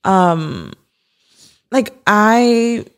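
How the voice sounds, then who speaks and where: A woman's voice: mid-range voice, very animated, very slow. A young woman co-hosting a podcast in casual chat, emotional and chatty, often calling her listener "girl". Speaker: podcast co-host. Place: podcast studio.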